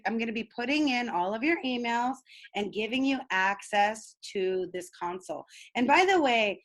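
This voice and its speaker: A woman leading a group coaching call over video, bubbly and excitable, laughing often. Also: on the high side, normal speed, low-quality recording. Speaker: speaking coach.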